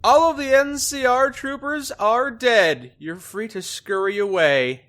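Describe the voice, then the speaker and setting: A man's voice: very high-pitched, unhurried, fairly bright tone. A man commenting on his gameplay, joking sarcastically and playing his character aloud. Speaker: gaming video host.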